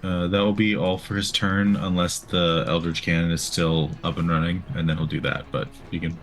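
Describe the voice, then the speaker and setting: A man's voice: low-pitched, little pitch movement, moderate pace, soft background music. A man playing a tabletop game in casual chat, thinking aloud over the rules. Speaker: player.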